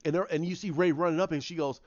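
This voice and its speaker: A man's voice: a little high, fairly even intonation, fast talker, darkish tone, no room sound, lo-fi sound. A man casually retelling a story idea as a video creator, rambling with frequent restarts and repeated words.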